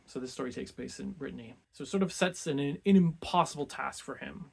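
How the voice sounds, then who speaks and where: Male book-club host, easygoing conversational summary, filler-heavy and relaxed. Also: mid-range voice, fairly quick, vocal fry, hardly any pauses, breathy edge. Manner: laid-back, peppers speech with "like".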